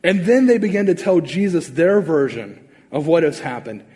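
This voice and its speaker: Animated pastor in a reverberant hall. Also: male voice, fairly high pitch, moderate pace. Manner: animated, conversational, acts out quotes. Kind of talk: sermon. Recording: long reverb of a large hall.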